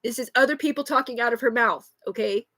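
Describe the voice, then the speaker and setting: A high-pitched woman in her thirties rants in a loose, rambling live monologue, swearing constantly. Her voice is close and dry, picked up on a phone. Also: quick pace, fairly bright tone, no echo. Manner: agitated, rambling, heavy swearing. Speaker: livestreamer.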